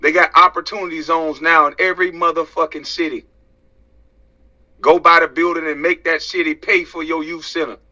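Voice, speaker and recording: A man's voice: a little high, level tone, moderate pace, sharp tone. An American man delivering a heated, profane rant to camera, preaching and firing rhetorical questions. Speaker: social media commentator. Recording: dull lo-fi sound.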